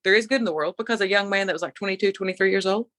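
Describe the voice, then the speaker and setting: A middle-aged woman co-hosting a podcast, telling a story in an animated, opinionated casual chat. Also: medium pitch, rapid-fire, no room sound. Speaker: podcast co-host.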